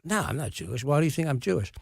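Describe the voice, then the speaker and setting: A man doing an impression of a worldly older English man with a Cockney accent, a wry, deadpan storyteller. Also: a little high, rapid-fire, creaky, breathy edge, dry recording, clean studio sound, full character voice.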